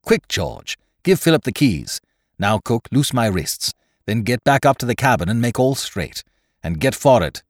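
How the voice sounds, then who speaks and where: A man reading the part of a cool-headed pirate captain who gives brisk orders, in a storybook reading. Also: mid-range voice, sing-song, no echo, studio quality. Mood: commanding.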